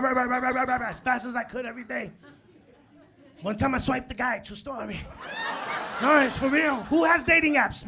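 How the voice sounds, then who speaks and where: A high-pitched man in his forties doing stand-up, telling animated stories and working the room. It is a live club recording, with the crowd's laughter loud behind him and steady room noise throughout. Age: 40s. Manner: animated storytelling, acts out quotes, works the crowd. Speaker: stand-up comedian. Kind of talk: stand-up comedy set. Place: comedy club on stage. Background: audience laughter.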